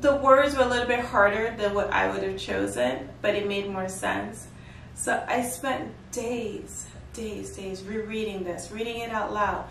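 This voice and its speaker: An animated woman telling a chatty story to camera, her voice gravelly with a touch of fry. She sounds far from the mic in a very echoey room, with clear background noise behind her. She goes off on lively asides as she talks. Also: mid-range voice, unhurried. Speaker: vlogger and fashion designer.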